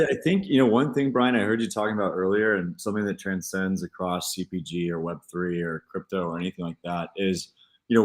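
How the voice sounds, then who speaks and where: A man who is a guest founder, answering in a steady, measured way with occasional fillers. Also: low-pitched. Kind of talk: conversational interview answer.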